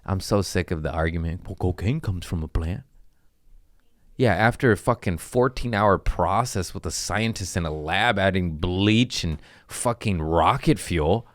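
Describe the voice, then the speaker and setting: This podcast host talks from home in a low voice at a moderate pace, barely pausing. He spins loose, joking stories in casual chat peppered with swearing and trailing asides, with no echo in the audio.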